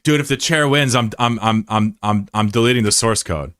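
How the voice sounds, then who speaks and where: Game dev streamer, male, low resonant voice; flips from yelling to grumbling. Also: fairly quick, hardly any pauses, dry recording, clean studio sound. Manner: excitable, swings from loud shouting to muttered frustration. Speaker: game developer streaming his own game. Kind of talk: casual livestream chat.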